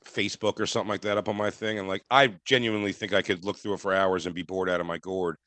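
A man's voice: deep voice, little pitch movement, quick pace, a bit bright, no room sound. A man co-hosting a podcast in casual chat, rambling and hesitant with lots of fillers. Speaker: podcast co-host.

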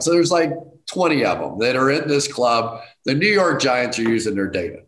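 At a normal pace, a middle-aged man appearing as a guest shares a relaxed anecdote, animated and self-deprecating, with sudden high-pitched bursts of excitement. Echo from the room is audible.

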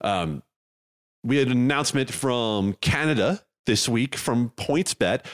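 A man's voice: medium pitch, expressive, a little slow. A man co-hosting a podcast in casual chat, rambling and joking with plenty of fillers. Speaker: podcast co-host.

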